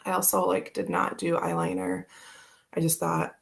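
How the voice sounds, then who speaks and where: A woman's voice: on the low side, level tone, moderate pace, vocal fry. A woman hosting a casual tarot live stream, chatting in a rambling way and laughing often. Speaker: tarot channel host.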